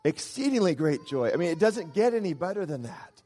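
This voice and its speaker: A man preaching a sermon as a pastor, swinging from loud emphasis to quiet, low asides. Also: big pitch swings, fairly quick, few pauses, big-room sound.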